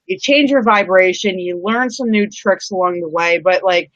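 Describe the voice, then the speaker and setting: Woman rambling on a live stream outside, lots of like and you know, muffled flat sound, no echo. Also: on the low side, normal speed. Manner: rambling, fillers like "like" and "you know", casual swearing. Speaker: host of a live-streamed chat show. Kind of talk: casual conversational chat. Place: outdoors. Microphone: live-stream setup. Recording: dull, dry lo-fi sound.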